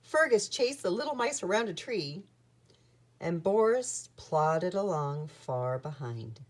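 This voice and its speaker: A woman reading a children's picture book aloud in an expressive, sing-song storytelling manner. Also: lowish voice, slow pace.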